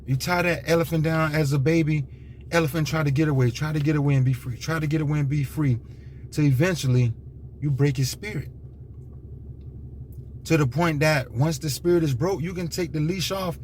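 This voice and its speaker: A man's voice: fairly high pitch, fairly even intonation, brisk, darkish tone, a little hiss or hum. A man giving an unscripted monologue, rambling and repetitive, with emphatic restarts and many fillers. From United States. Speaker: commentator.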